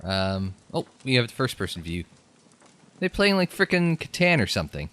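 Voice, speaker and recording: Young man, casual let's-play commentary, sarcastic jokes, bright voice, lively swings in pitch. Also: normal speed. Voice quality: joking, sarcastic, rambling. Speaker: game commentator.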